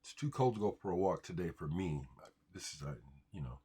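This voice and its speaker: A man hosting a casual livestream, rambling about records and answering viewer comments out loud. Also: low voice, animated, fairly quick, slightly rough. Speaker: livestream host showing records.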